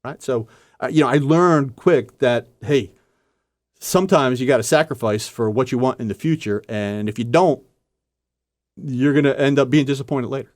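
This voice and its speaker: A man's voice: mid-range voice, moderate pace, a little mellow. A man speaking as a podcast guest, telling his story in an earnest, emphatic way. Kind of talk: casual interview conversation.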